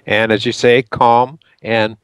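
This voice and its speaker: A man hosting a radio interview, talking in a halting way with many fillers. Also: mid-range voice, little pitch movement, clear, resonant tone, no room sound. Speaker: radio show host.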